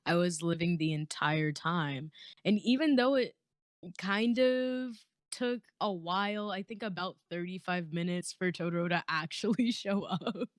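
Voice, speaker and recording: Upbeat young woman with a lowish voice. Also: dry recording, studio quality. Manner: upbeat, laughing, filler-heavy. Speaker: podcast co-host. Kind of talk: casual podcast chat.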